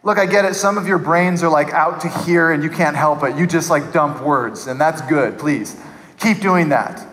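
A man preaching with a high, light voice, talking to the congregation like a friend and slipping into mimicry. The sound carries a long reverb from a large hall. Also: moderate pace. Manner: animated, mimics people in funny voices. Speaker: pastor. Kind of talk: sermon.

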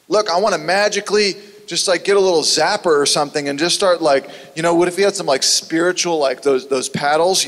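A man preaching a sermon in an earnest, conversational way that sometimes turns animated. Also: fairly high pitch. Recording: long hall reverb.

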